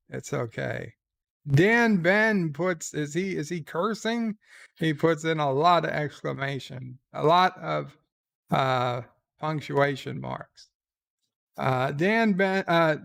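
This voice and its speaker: Slow, gravelly-voiced man hosting a stream. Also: a little high, animated, a bit bright. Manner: slow, halting, with many pauses and fillers; wry and irreverent. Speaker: live stream host reading chat. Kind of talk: casual live-stream chat. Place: lying in a bed.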